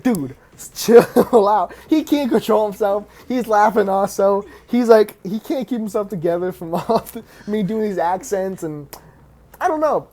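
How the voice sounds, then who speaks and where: A man's voice: high voice, darkish tone. A young man casually telling a story time, rambling with lots of fillers, restarts and laughs.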